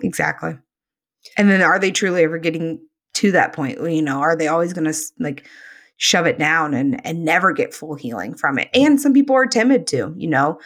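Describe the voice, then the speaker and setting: Low-voiced woman chiropractor talking. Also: animated, a little fast, fairly bright tone. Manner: earnest, many fillers like "you know". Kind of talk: podcast conversation.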